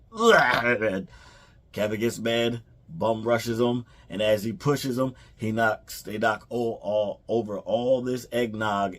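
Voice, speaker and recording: A man casually retelling a film's plot for a review, rambling with fillers and restarts and quoting the characters. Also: lowish voice. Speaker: movie reviewer. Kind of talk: casual movie recap.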